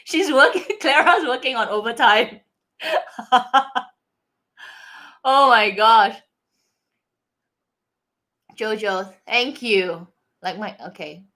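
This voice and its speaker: A woman hosting a casual live Q&A, chatting with viewers and reading their comments aloud. She is animated and laughs often, with frequent restarts. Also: fairly high pitch, extremely slow, pauses often. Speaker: livestream host reading viewer chat.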